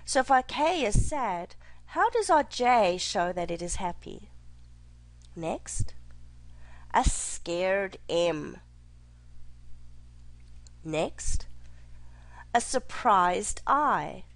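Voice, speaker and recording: A woman teacher giving a recorded lecture, speaking clearly and deliberately and slowing down to stress her examples. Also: medium pitch, very animated, no room sound.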